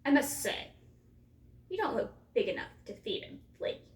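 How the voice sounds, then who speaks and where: A woman's voice: on the high side, sing-song, normal speed, distant mic. A woman voicing a fierce, hungry male troll giant who roars his lines, in an echoey room away from the mic. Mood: roaring. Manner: roaring, gruff.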